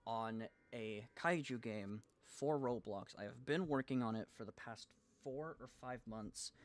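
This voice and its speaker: A young man with a medium-pitched voice chats casually on a live stream. Nervous and excited, he often stumbles and starts his sentences over.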